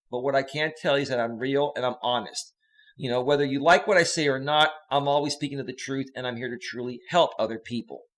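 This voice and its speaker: A man hosting a casual live stream as a life coach, joking with viewers and greeting them by name. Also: mid-range voice.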